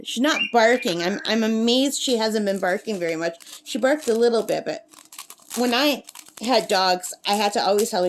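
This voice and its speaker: A woman's voice: medium pitch, brisk, background noise. A woman chatting casually to camera at a lakeside camp, laughing often and cooing at her pet bird. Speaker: craft vlogger.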